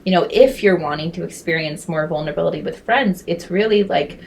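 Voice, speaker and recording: Young woman in her 20s musing on a podcast, bit lower voice, lots of likes and you knows. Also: brisk, creaky, a little mellow, slight background noise. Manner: thoughtful, hesitant, many "like" and "you know". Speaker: podcast co-speaker. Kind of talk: casual reflective conversation.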